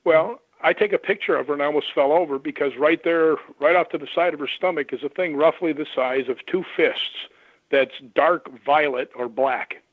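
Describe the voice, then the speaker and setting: A man who investigates the paranormal, telling lively stories and acting out the voices of the people in them. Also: a little high, normal speed, no room sound. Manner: animated anecdotes, acts out quoted voices. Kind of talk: storytelling on a radio call-in. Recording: tinny phone line.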